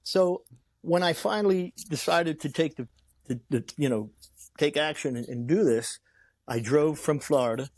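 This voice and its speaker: A man's voice: on the high side, moderate pace, no room sound. A man who is a guest on an interview show. He tells a long story with lots of energy, acts out the voices of the people in it and often restarts his sentences. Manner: animated storyteller who acts out the quoted lines, with frequent restarts. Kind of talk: storytelling in a conversation.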